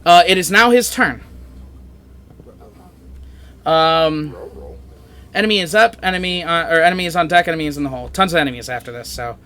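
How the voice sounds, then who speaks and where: Bright-voiced man running a game. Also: a little high, fairly quick, pauses often. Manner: casual, narrates with many fillers. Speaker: dungeon master.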